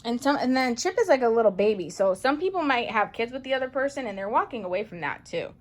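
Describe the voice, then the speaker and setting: A woman reading tarot cards for viewers in a chatty, playful way, excitable and full of pet names. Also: a little high, fast, a little hiss or hum. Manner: playful, chatty, calls listeners baby girl and boo; excitable, gasps and exclaims over cards. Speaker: psychic medium tarot reader.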